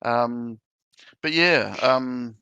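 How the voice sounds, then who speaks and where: Slow, clear-voiced man. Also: medium pitch, no echo. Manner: relaxed, drawn-out, with many ums. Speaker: podcast host. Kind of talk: casual chat.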